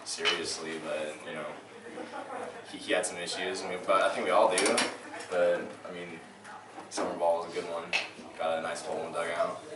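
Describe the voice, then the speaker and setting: A teenage boy with a very low voice answering hesitantly and filling his pauses. He is recorded from a distance in an echoey room, with a clear hiss behind him. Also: flat delivery. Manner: hesitant, many fillers. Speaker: high school baseball player. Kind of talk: casual interview.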